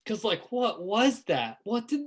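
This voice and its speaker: A woman running a tabletop game as game master, laughing often and reacting with quick asides. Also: medium pitch, sing-song, low-quality recording.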